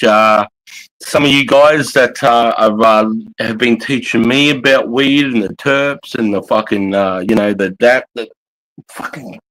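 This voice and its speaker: There's a sharp tone to this mid-range male voice, captured on a rough recording with a bit of hiss or hum. He's a middle-aged Australian hosting a casual livestream from his home couch, swearing and addressing everyone as mate.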